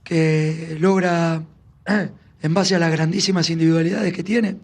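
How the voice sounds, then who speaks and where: A football coach giving a measured, analytical post-match press interview. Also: male voice, a little high, fairly even intonation.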